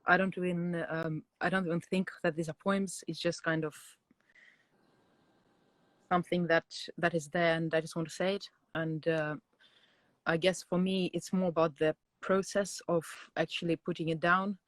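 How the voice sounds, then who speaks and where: A woman on a video call reading her own poems and speaking about them in a hesitant way, with many pauses and fillers. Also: lowish voice, flat delivery, no echo. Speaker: guest poet.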